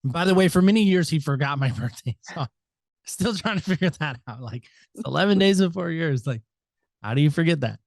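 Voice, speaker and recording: Fairly high-pitched and expressive, with vocal fry, a man from the United States talks fairly quickly as a podcast guest. He's reflective and talkative, speaking at length with big changes in loudness, and there's no echo.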